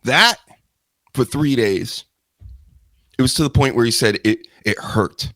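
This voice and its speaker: A man's voice: mid-range voice, a little slow, no room sound. A man hosting a live wrestling news show, talking in a rambling, joking way with self-mocking asides. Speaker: host.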